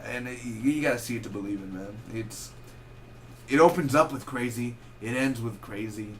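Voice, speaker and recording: A young man with a medium-pitched voice reviews a movie casually, rambling and correcting himself along the way. He's animated and tosses in quick asides. There's a little hiss or hum on the recording.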